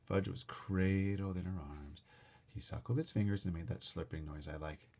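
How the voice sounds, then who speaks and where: A man reading a children's chapter book aloud in an animated way, adding his own asides. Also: low-pitched, normal speed, gravelly. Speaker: storybook reader.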